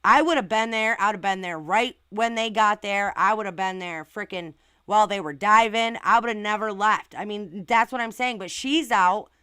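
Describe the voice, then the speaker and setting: Woman host, casual stream commentary, indignant and blunt, bright clear tone, dry close sound. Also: medium pitch, moderate pace, few pauses, no room sound. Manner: outspoken, indignant, swears and asks rhetorical questions. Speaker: channel host reading viewer comments.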